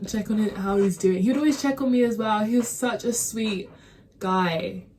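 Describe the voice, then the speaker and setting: A woman's voice: medium pitch, normal speed, darkish tone, a little hiss or hum. A young woman hosting a movie reaction, chatting with emotion and a lot of filler words. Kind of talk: casual reaction commentary.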